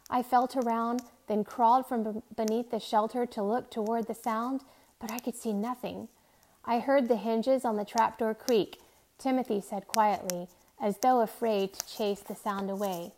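A woman reading a novel aloud in a steady, soft, measured way. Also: a little high. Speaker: reader.

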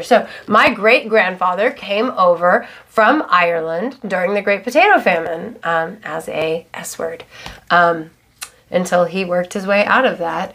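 A woman's voice: lowish voice, fairly bright tone. An American woman in her thirties, co-hosting a podcast in casual, rambling chat and laughing often. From United States. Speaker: podcast co-host.

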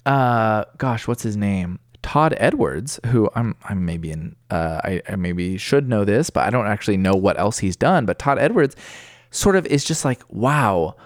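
A man's voice: lowish voice, normal speed, no room sound, clean studio sound. A young man co-hosting a podcast, gushing in casual chat about an album and saying "dude" and "bro" a lot. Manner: excitable, slangy, says "dude" and "bro" a lot. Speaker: podcast co-host.

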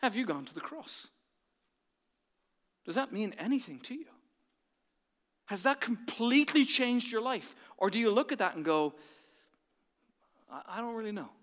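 High, bright Irish pastor preaching. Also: male voice, moderate pace, long pauses, big-room sound. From Ireland. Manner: animated storytelling, swinging from hushed to loud. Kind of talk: sermon.

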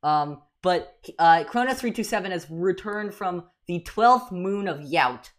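A woman co-hosting a casual fan podcast, talking in animated, exasperated rants with many restarts. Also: fairly low pitch, unhurried. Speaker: podcast co-host.

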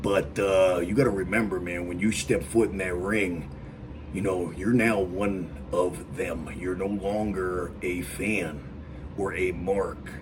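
A man's voice: low-pitched, fairly even intonation, takes it slowly, background noise. A man answering fan questions in a casual live stream from home, rambling with lots of fillers and "you know what I mean.". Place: home with dogs barking nearby.

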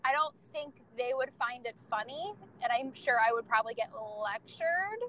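High, bright-voiced young woman chatting. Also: moderate pace, slight background noise, low-quality recording. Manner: laughing, candid, profane storytelling. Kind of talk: casual chat.

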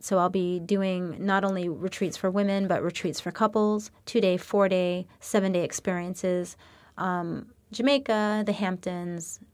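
Woman podcast guest, mid pitch, upbeat and promotional, dry booth sound. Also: fairly bright tone, no room sound. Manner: upbeat, promotional, lists with pauses. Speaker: podcast guest, retreat leader. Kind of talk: casual interview chat.

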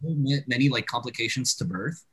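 A man's voice: mid-range voice, expressive, fast, a crowd in the background. A man in a casual chat, laid-back and a little hesitant, restarting his sentences and filling them with "like".

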